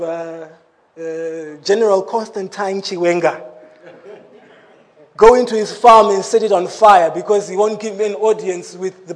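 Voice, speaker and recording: A man preaching a sermon in an animated way, breaking into laughing asides. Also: high voice.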